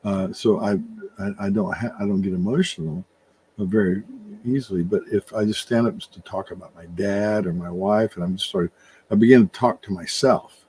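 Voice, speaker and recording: An older man talks through his thoughts in a slow, rambling way, stopping and restarting often. His voice sits low and mellow, with a husky edge. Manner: rambling, halting, many restarts. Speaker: podcast co-host. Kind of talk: reflective casual conversation. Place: room with his wife nearby.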